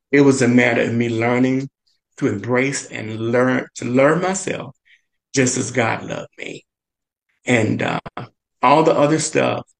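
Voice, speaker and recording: A man telling a personal story in earnest, his voice carrying a gravelly edge. He pauses often on "and, uh" as he goes. His pitch leaps up when he quotes other people. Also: poor audio. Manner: halting, many "and, uh" fillers. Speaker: guest chef.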